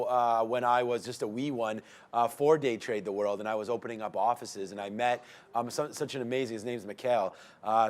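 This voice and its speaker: A man in his forties hosts a live trading stream from a studio, talking loosely about charts and drifting into stories. His voice sits a bit high for a man, and he stumbles and restarts often in a relaxed, chatty way. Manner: rambling, chatty, storytelling with many restarts. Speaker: trading show host. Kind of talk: casual live market commentary.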